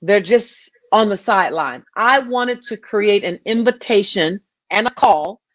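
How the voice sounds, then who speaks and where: A woman's voice: medium pitch, lively intonation, measured pace, dry recording. A woman filmmaker talking passionately in an interview, often restarting and repeating her phrases. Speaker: filmmaker guest. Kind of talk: interview conversation.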